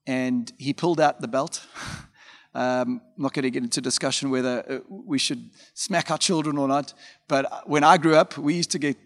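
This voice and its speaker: A man's voice: medium pitch, fairly even intonation, normal speed. A man preaching a conversational sermon as a pastor, telling stories informally with frequent fillers and asides. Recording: long hall reverb.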